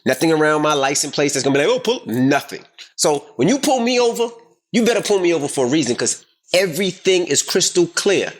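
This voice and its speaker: Animated, swearing man telling a story. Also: on the high side. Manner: animated, profane, acts out quotes loudly. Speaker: podcast co-host. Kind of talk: casual storytelling chat.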